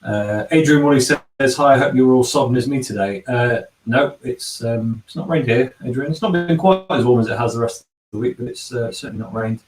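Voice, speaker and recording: A man's voice: medium pitch, brisk, few pauses. A man hosting a casual livestream from a bar, reading out chat comments and humming filler syllables between them. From England. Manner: chatty, hums filler syllables while scrolling comments. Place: bar and kitchen. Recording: echoey room, from a distance.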